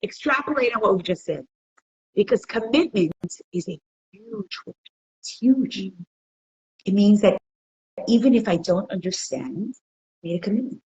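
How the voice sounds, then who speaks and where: In a community centre classroom, a woman leads an interactive religious class, telling stories with animation and putting questions to her listeners. Her voice is medium-pitched and moderately paced, with long pauses, and the recording sounds muffled.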